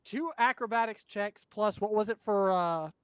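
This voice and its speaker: A man with a notably high-pitched voice narrates a tabletop game as game master. He describes the scene vividly and pauses to explain rules and checks to his players, laughing along with them. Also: clear, resonant tone, no echo.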